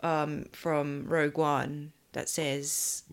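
A woman's voice: on the low side, measured pace. A woman co-hosting a podcast in casual chat, teasing and asking questions. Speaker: podcast co-host.

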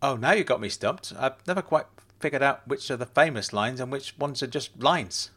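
Male reader voicing a flustered, evasive actor friend on speaker, a touch higher than the narrator. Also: lively intonation, moderate pace, sharp tone.

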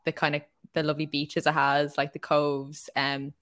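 A woman's voice: low voice, completely flat delivery, moderate pace, fairly bright tone. An Irish woman co-hosting a podcast, chatting casually with lots of fillers like "like" and "um". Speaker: podcast co-host.

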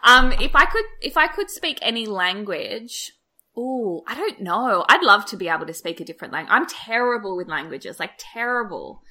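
A woman's voice: medium pitch, big pitch swings, normal speed, bright, forceful tone. A woman with a polished Sydney Eastern Suburbs Australian accent, co-hosting a podcast in casual, giggly chat. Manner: giggly, chatty, self-described refined speech. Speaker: podcast co-host.

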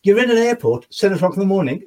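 A man's voice: sits high, sing-song, racing, a little mellow. A man co-hosting a podcast, a comedian who rambles in a wry, self-mocking way. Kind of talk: casual podcast chat.

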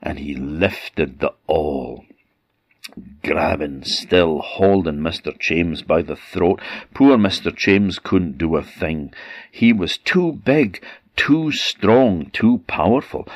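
A man with an Orcadian Scottish accent telling a traditional ghost story with slow, dramatic pauses. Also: deep voice, no echo, studio quality. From Orkney, Scotland.

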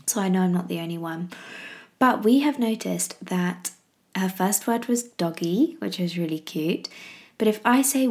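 A woman's voice: on the low side, measured pace. An English woman in her thirties, chatting casually about her baby and rambling with fillers and restarts. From England. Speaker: parenting podcaster. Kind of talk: casual chat.

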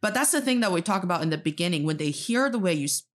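A woman's voice: fairly low pitch, lively intonation, racing. A young woman from China, co-hosting a casual chat and telling stories animatedly, acting out other people's lines. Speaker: co-host.

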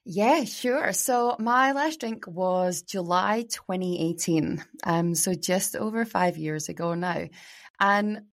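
A woman from Scotland with a Scottish accent, a guest speaking in a thoughtful, measured way in a casual interview. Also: fairly low pitch. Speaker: podcast guest.

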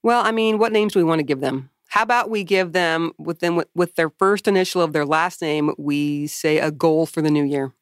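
A woman's voice: sits low, normal speed, hardly any pauses, smooth, no echo, clean studio sound. A woman co-hosting a podcast in casual, joking chat, swearing freely and laughing often. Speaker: podcast co-host.

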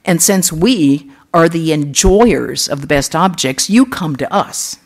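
A woman voicing a male demon messenger who flatters in grand, pompous words while telling a sacred story. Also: sits low, takes it slowly, exaggerated voice. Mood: flattering.

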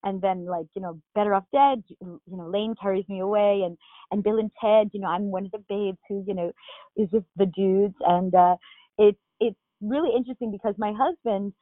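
A woman's voice: mid-range voice, fairly even intonation, a little fast, no echo. A middle-aged woman from Long Island with a Long Island accent, chatting as an interview guest with lots of fillers and restarts. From Long Island, New York. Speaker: guest actress. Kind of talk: casual interview chat. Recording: dry tinny phone-like line.

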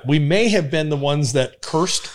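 A man's voice: a little high, measured pace. A middle-aged man from Nebraska, a former police officer, telling vivid stories as a guest on a podcast and swearing casually. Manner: animated, vivid storyteller who swears casually. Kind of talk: casual storytelling in a podcast interview.

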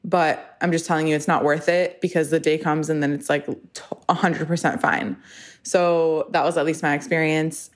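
A woman just turned thirty, hosting her own podcast in a chatty, rambling monologue full of "like" and self-deprecating asides. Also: sits low. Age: 30s. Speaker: podcast host. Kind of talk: casual solo podcast monologue.

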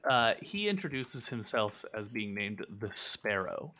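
A man narrating as game master of a tabletop game, relaxed, with many filler uhs. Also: on the low side, measured pace.

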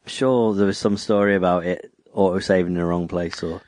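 A man's voice: deep voice, steady tone, brisk, darkish tone, no echo. A man in a casual chat, laid-back, mostly giving short replies.

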